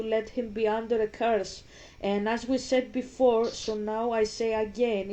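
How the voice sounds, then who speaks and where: A woman's voice: a little high, dark tone, rough recording. A woman vlogging about a game, talking emphatically, swearing freely and reading scripture aloud. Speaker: gaming vlogger. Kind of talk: casual vlog commentary.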